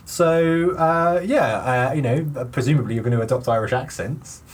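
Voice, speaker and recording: A man's voice: medium pitch, moderate pace. A man hosting a comedy podcast, directing improv in a chatty, upbeat, giggly way.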